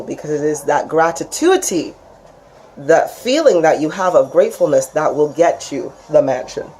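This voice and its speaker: A woman talking through a spiritual lesson in a loose, chatty way. She keeps restarting her sentences and slips into animated, higher voices when she quotes people. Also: moderate pace, slight background noise. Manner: chatty, acts out quoted voices with big pitch jumps; frequent restarts and laughs. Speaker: spiritual teacher. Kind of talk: casual spoken lesson.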